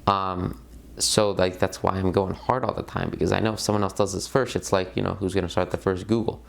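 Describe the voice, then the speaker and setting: A young man with a low, gravelly voice gives a casual online lesson. He talks in a loose, conversational way, full of fillers, and hits the key points hard. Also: level tone, brisk. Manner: conversational, emphatic, filler-heavy. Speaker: course instructor.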